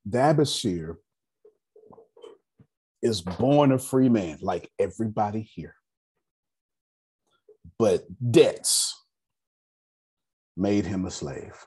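A man's voice: on the low side, lively intonation, extremely slow, pauses often, mellow, slightly rough. A man leads a group meeting on personal finance, telling stories emphatically, repeating key phrases and speaking bluntly with humor. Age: 30s. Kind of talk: animated storytelling talk to a group.

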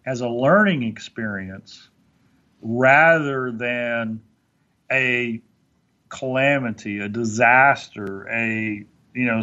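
A man's voice: medium pitch, a bit bright, lo-fi sound. A man talking earnestly on a motivational podcast, stumbling into restarts as he makes his points. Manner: earnest, preachy, with many restarts. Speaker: podcast guest speaker.

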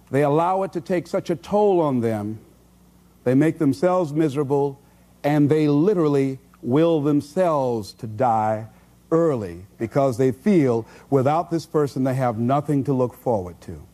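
Male motivational speaker, preacherly and emphatic, pitched high with a lively, swinging delivery. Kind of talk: motivational speech.

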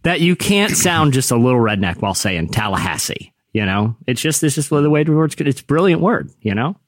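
A man's voice: mid-range voice, big pitch swings, brisk, no echo. A man co-hosting a podcast, riffing playfully in casual chat on a studio mic. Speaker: podcast co-host.

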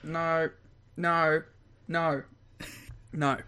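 A man's voice: fairly high pitch, little pitch movement, very slow, sharp tone, smooth. A man co-hosting a podcast in casual chat, jokey and playing at mock outrage. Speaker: podcast co-host.

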